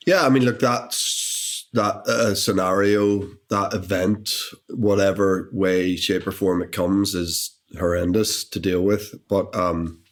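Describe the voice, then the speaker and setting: A man's voice: low-pitched, fairly even intonation, measured pace, hardly any pauses. A man in his thirties with a Northern Irish accent, chatting animatedly as an actor guest over lunch, often repeating words as he thinks. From Northern Ireland. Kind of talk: casual interview chat. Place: indoors over a lunch table.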